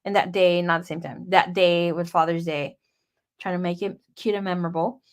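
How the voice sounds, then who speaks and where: A young woman tarot reader talks directly to her viewers in a fairly low, steady voice at a moderate pace. Telling a personal story in a loose, chatty style, she is candid and dramatic and swears often.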